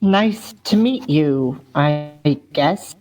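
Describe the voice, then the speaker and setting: A reader voicing a calm, guarded young female vixen in a comedic fanfiction table read, reading lines in a flat, unhurried way. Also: medium pitch, low-quality recording.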